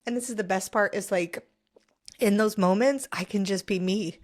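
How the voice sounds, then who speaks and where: A woman's voice: medium pitch, normal speed. Emotional woman pastor hosting a podcast. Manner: expressive, emotional, encouraging. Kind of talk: casual faith conversation.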